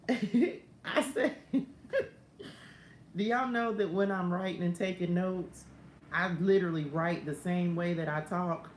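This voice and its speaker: Speaking slowly and steadily with frequent pauses, this woman has a fairly low voice. As a faith coach giving a morning message, she delivers a laughing, wandering devotional directly to viewers and finishes with a prayer, recorded in an echoey space with faint background sound.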